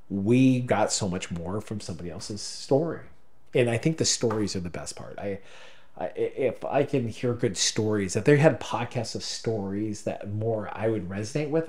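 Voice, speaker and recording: A man co-hosting a podcast, telling a story in halting, emotional casual talk, choked up at times. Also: fairly low pitch, darkish tone. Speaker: podcast co-host. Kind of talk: casual conversation.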